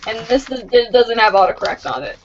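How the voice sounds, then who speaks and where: A woman's voice: on the high side, sing-song, quick pace, a little hiss or hum. A young woman co-hosting a casual podcast, reading out listings, stumbling over names and swearing with a laugh. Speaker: podcast co-host. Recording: dull lo-fi podcast audio.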